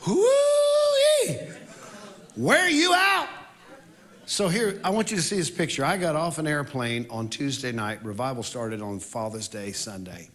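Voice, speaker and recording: A man who is a worship leader, telling a story in a sermon and swinging between loud outbursts and quiet reflection. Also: mid-range voice, moderate pace, few pauses.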